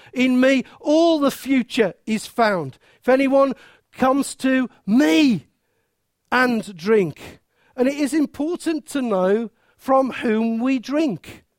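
Male preacher, unusually high voice, animated and conversational, dry close recording. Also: no room sound. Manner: animated, conversational preaching with acted-out quotes and restarts. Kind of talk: sermon.

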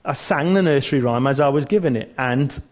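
A man's voice: medium pitch, a little fast, a little mellow. A man giving an informal church teaching talk, earnest and chatty, restarting phrases and joking at his own expense. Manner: chatty and earnest, with frequent restarts and self-mocking humour.

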